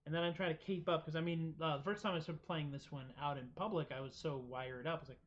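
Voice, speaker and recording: Between songs on a live-streamed music show, a man chats casually and self-deprecatingly, rambling loosely into his streaming setup mic. His voice is on the high side and steady, and he talks fast. The stream audio is dull and lo-fi, with loud acoustic guitar playing in the background.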